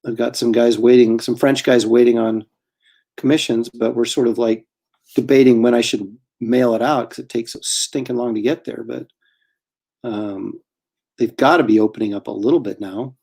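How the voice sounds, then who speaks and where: A man's voice: medium pitch, fairly even intonation, moderate pace, creaky, a little mellow, husky. A middle-aged man, a comic artist, chatting casually while drawing, rambling and self-deprecating with frequent chuckles.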